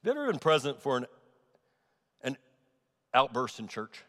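A middle-aged man preaching a sermon, swinging from loud emphatic peaks to soft, low asides. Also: huge pitch swings, normal speed. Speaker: pastor. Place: large church auditorium. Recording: echoey sanctuary with long reverb.

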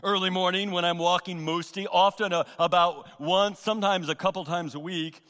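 A man preaching a sermon as pastor, earnest and emphatic, with pauses and repeated phrases. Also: high voice, steady tone, fairly bright tone, big-room sound. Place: church sanctuary.

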